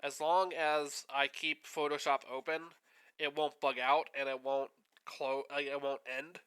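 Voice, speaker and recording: A man's voice: on the high side, little pitch movement, a little slow, fairly bright tone, clear, resonant tone. A man hosting a stream, chatting in a rambling, easygoing way while he paints. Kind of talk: casual chat while painting. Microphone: streaming setup.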